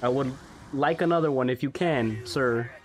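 A young man giving casual, excitable commentary on a mobile game, swearing freely and laughing often. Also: mid-range voice, normal speed, faint music behind. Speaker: gaming YouTuber.

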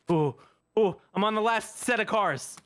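A man's voice: high-pitched, a bit bright. A man playing a co-op game with a friend, chatting casually and laughing often. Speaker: co-op gaming partner. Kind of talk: casual gameplay chat.

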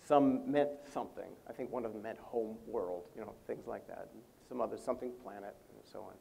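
An older man, a convention panel guest, telling an animated story and acting out quotes, laughing often. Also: lowish voice, fairly quick, vocal fry, slightly rough. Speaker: interview guest, language creator. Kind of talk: storytelling anecdote on stage.

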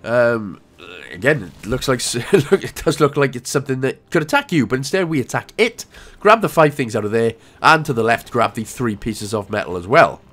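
A man's voice: mid-range voice, sing-song, normal speed, fairly bright tone. A young Welsh man giving casual, rambling gameplay walkthrough commentary with jokey asides. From Wales.

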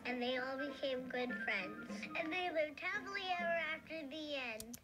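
A woman's voice: high voice, moderate pace, over loud music. A woman playfully making up a story, laughing as she goes. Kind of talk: improvised storytelling. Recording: noisy home recording.

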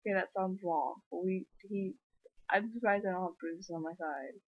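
A tired teenage girl rambles through her day in a casual vlog, acting out every text and line people said to her. Her voice sits at an ordinary pitch for a girl. The sound is dry, narrow and tinny, like it came through a phone. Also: normal speed, husky, no echo. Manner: rambling storytelling, acts out texts and quotes. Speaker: vlogger.

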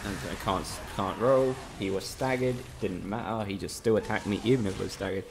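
A man with a low, gravelly voice commentates his game live for viewers. He grumbles and swears freely, keeping a casual, joking banter going. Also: brisk, background noise. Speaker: streamer.

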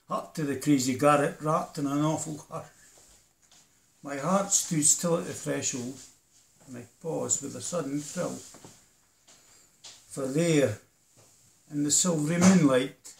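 A man giving a theatrical poetry recitation, moving between hushed lines and loud declaiming. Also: fairly high pitch, vocal fry, echoey room.

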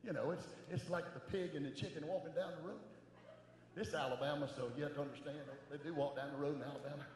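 A middle-aged man preaching a sermon as an evangelist, animated, swinging from soft asides to shouting. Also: a little high, fast. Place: large church sanctuary. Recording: echoey church hall with long reverb.

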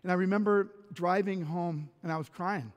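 A man's voice: sits high, normal speed, in a large hall, lo-fi sound. A man pastor delivering a sermon, telling personal stories animatedly with self-deprecating humor and frequent restarts. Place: church sanctuary.

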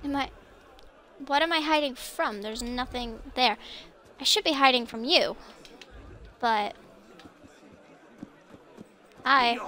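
Young woman, game commentary, high and bright tone, unhurried, chatty and apologetic. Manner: chatty, apologetic, bursts of surprised laughter. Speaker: gameplay streamer.

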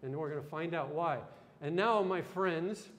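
A man's voice: on the high side, unhurried, fairly bright tone. A man giving a live history lecture in a hall, chatting and quizzing his audience with questions. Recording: long hall reverb.

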